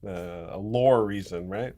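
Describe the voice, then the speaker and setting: A man co-hosting a guitar shop livestream with quick jokes and lots of agreeing asides. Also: low-pitched, mellow. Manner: jokey, quick quips, frequent affirmations. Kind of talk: casual chat.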